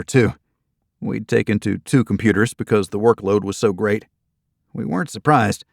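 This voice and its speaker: A man reads a first-person thriller audiobook in a steady, matter-of-fact way. His voice sits low with a gravelly texture. The recording is close and dry, with no room sound. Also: no echo. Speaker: audiobook narrator.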